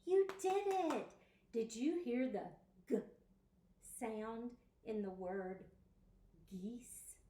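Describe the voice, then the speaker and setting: A woman teaching pre-K children, speaking slowly and encouragingly as she sounds out words. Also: a little high, mellow, echoey room. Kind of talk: slow, expressive lesson for young children.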